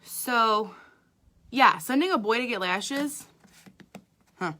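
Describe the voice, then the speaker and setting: A woman's voice: fairly high pitch, lively intonation, takes it slowly, pushed and bright, slight background noise. A woman makeup artist giving a chatty live makeup tutorial, talking straight to her viewers.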